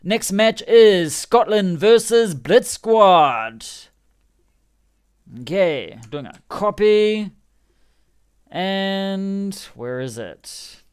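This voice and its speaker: Excitable high-voiced male game streamer. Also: extremely slow, long pauses, clean tone. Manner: excitable, chatty, laughing often. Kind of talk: live game commentary.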